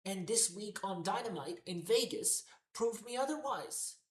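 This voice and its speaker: In a roomy, echoey space, a woman with a mid-range voice reviews a wrestling show, ranting heatedly and swearing constantly. She's animated yet unhurried, repeating herself out of sheer exasperation in a profane, repetitive tirade.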